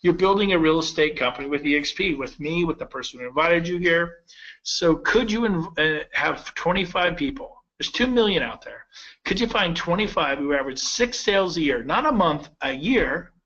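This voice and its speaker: A man in his fifties giving a persuasive sales pitch to real estate agents, telling stories with quoted dialogue. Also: expressive, normal speed, a bit bright, lo-fi sound. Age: 50s.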